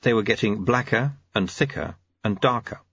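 Wry male audiobook narrator; husky voice, dull recording. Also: on the low side, normal speed, a bit bright, no room sound. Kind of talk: scripted narration.

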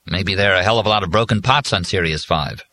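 A man's voice: deep voice, fast talker, sharp tone. A man voicing a weary, sardonic man down on his luck, speaking in a dry, wry way.

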